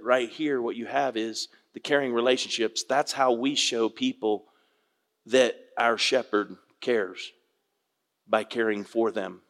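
Older male pastor preaching in an echoey hall. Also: medium pitch. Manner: animated storytelling, acts out quoted voices, folksy. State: tearful at moments. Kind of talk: sermon with storytelling.

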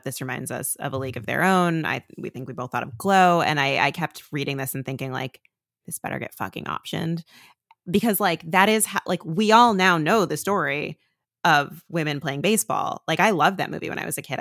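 Effusive low gravelly-voiced woman host. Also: a bit bright, no room sound, clean studio sound. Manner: effusive, enthusiastic, casual swearing. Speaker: podcast host. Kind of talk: conversational interview.

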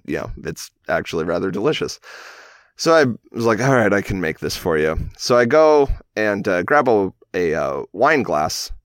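On a podcast, a man in his thirties with a low-pitched voice tells a long personal story, rambling, correcting himself and chuckling along the way. The recording is clean studio sound with no echo.

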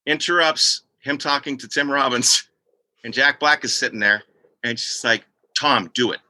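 Older man, bright dry voice, storytelling. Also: medium pitch, moderate pace, no echo, rough recording. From Boston. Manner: animated storyteller, slips into voices. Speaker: podcast guest. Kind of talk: casual storytelling chat.

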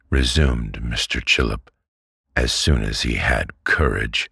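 A man reading a classic novel aloud as a calm, unhurried bedtime story. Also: rumbling low, gravelly, slightly rough, dry recording, studio quality. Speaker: audiobook reader.

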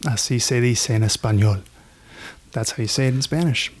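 A man co-hosting a podcast in casual chat, playful and quick to laugh. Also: medium pitch, breathy edge. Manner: playful, laughs often, jokes around. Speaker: podcast co-host.

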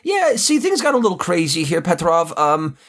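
A man's voice: wildly swooping pitch, moderate pace, a bit bright. A man voicing a jittery young henchman who stammers nervously. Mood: nervous, stammering. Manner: stammering, nervous, high and squeaky.

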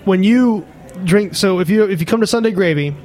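A man with a notably high voice talks wine on a casual podcast. He is eager and profane, and he keeps stopping to restart his thoughts while he explains things. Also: fairly quick, darkish tone. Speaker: restaurant owner and wine guest.

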